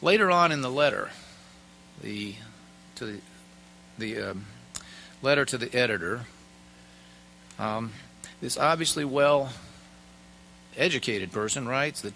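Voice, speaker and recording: A man delivers a formal address at a prayer breakfast, building his points with measured emphasis and deliberate pauses. His voice is bright and forceful. A faint mains hum sits underneath. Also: mid-range voice, animated, gravelly, rough recording. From United States. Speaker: governor giving a speech.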